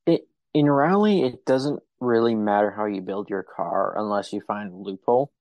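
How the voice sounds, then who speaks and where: Podcast host guy, a bit low and gravelly, dry sounding mic, jokes in an offhand way. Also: moderate pace, darkish tone, no room sound. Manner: wry, offhand joking. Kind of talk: casual podcast chat.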